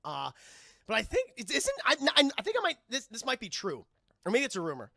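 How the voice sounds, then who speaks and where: A man giving a casual live-stream spoiler review of a film, profane and animated, with many restarts. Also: extremely high pitch, fairly quick, vocal fry, no room sound, studio quality.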